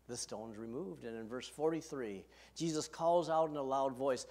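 A man's voice: fairly high pitch, lively intonation, normal speed, darkish tone. A man preaching a sermon as pastor from a podium, earnest and emphatic, asking his listeners direct questions. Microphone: podium microphone.

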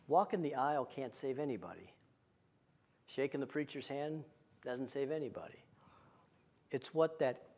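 A male pastor delivering a sermon in a rhythmic, repetitive cadence, moving between loud emphatic lines and hushed, intimate ones. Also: a little high.

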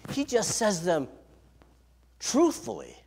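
A man preaching a sermon, lively and slowing down on key phrases. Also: sits high, slightly rough. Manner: lively preaching, slows for emphasis. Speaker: pastor.

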